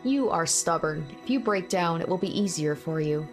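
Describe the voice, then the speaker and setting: A woman's voice: fairly low pitch, lively intonation, normal speed, soft background music, close to an everyday voice. A woman reading the lines of an ancient male vampire who taunts his victim, from a visual novel. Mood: taunting. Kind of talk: visual novel read aloud.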